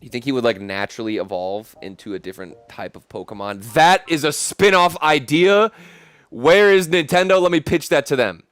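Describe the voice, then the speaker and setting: A young man, a gaming streamer, chatting casually and excitedly over gameplay, full of slang. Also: mid-range voice, normal speed, clear, resonant tone, no echo. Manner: animated, slangy, says "dude" a lot.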